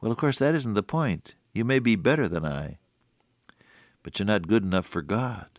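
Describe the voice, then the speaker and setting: Man, radio sermon, folksy, earnest, drawn-out emphasis, dry close recording. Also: on the low side, animated, dry recording. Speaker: radio preacher.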